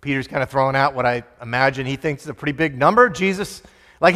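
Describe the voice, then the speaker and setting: A man's voice: mid-range voice, fast, bright, forceful tone. A man preaching a sermon as pastor, telling a story with animation and rising to emphatic fervor. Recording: reverberant hall.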